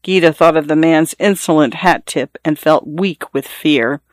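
An audiobook narrator reading literary fiction in a measured, even storytelling voice. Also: mid-range voice, no room sound, studio quality.

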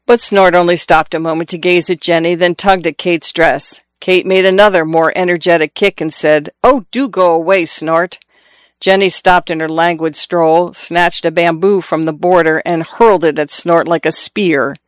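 A man reading a novel aloud as narrator, in a measured, even storytelling manner. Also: on the high side, clean tone, no echo. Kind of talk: scripted audiobook narration.

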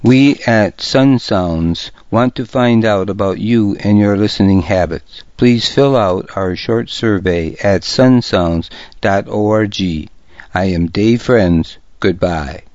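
A man reading a first-person survival story aloud in a steady, measured way, as a radio reading-service narrator. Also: lowish voice, dry recording. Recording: dull lo-fi radio recording.

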